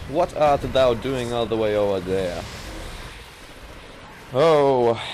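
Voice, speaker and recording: A man hamming up an old-fashioned tragic hero. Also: fairly high pitch. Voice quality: grandiose, drawn-out. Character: melodramatic mock-Shakespearean hero, theatrical. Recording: noisy game audio behind.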